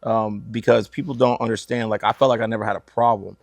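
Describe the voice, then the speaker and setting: A man's voice: fairly low pitch, fairly even intonation, fast talker, dry recording. A man hosting a podcast, talking casually and enthusiastically, often saying "man". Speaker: podcast host.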